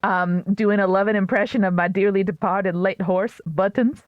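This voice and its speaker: A woman's voice: mid-range voice, fairly even intonation, moderate pace, dry recording, dull audio. A woman in her thirties co-hosting a tabletop game podcast, chatty and playful. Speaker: podcast co-host. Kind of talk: casual chat.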